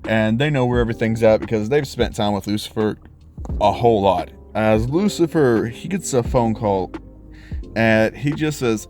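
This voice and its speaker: A young man casually telling a fan-made story, in a loose, slangy style with swearing and quick voiced asides. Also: fairly low pitch, a little mellow, faint music behind.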